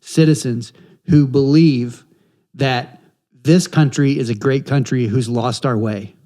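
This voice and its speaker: Mellow-voiced male podcast co-host. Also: mid-range voice, steady tone, slow. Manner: emphatic, repeats himself to drive points home. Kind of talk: casual political chat.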